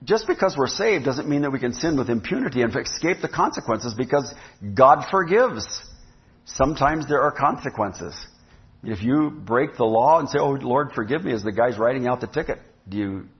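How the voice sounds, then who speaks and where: A man preaching a sermon to his church in a conversational way, often asking the congregation questions. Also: mid-range voice. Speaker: pastor. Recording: dull lo-fi sound.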